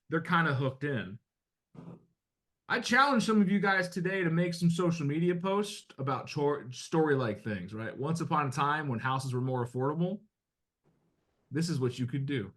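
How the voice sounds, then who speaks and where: A man's voice: a little high, lively intonation, moderate pace, bright, forceful tone. A middle-aged man from the United States coaching real estate agents in a blunt, conversational way, with some mild swearing. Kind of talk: motivational talk to agents.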